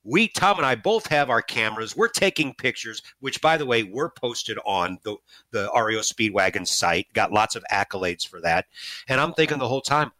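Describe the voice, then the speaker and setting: Middle-aged male storyteller, lively and bright, dry close sound. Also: moderate pace, dry recording. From St. Louis area, USA. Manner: animated, self-mocking, jumps high when excited. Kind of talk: casual personal storytelling.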